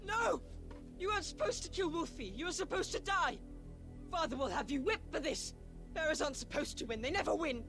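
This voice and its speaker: A woman's voice: high-pitched, lively intonation, brisk, music in the background. A woman voicing a spoiled, cruel young noble boy in a video game cutscene, whiny and scornful. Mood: cruel, petulant.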